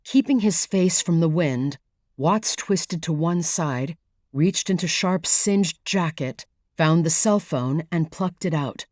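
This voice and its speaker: A woman narrating a thriller audiobook in a measured, even storytelling manner, read close to the mic. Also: low voice, no room sound. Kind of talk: scripted narration.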